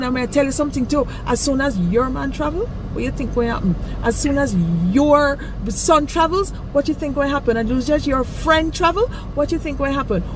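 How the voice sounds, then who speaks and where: A woman's voice: high-pitched, background noise. A woman with a Jamaican accent giving an emphatic, lecturing rant, repeating her warnings. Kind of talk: outdoor video rant.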